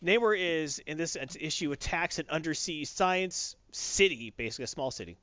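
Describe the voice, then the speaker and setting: A man casually recapping a comic book story on a podcast, acting out the characters' lines in quick voices. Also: on the high side, animated, sharp tone, no room sound. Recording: dull lo-fi dry recording.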